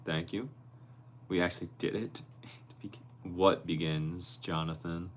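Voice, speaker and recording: A young man with a very low, deep voice hosts a relaxed livestream from his bedroom. He reads viewers' comments out loud and replies to each of them by name in an easygoing way. A faint hum sits behind him. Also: takes it slowly. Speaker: livestream host. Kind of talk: casual livestream chat.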